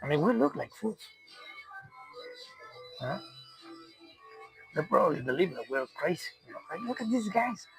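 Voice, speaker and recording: Gravelly, exasperated man. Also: high-pitched, big pitch swings, moderate pace, pauses often, fairly bright tone, faint music behind, low-quality recording. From Mexico. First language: Spanish. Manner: profane, exasperated, rambling with restarts. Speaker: commentator. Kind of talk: unscripted rant.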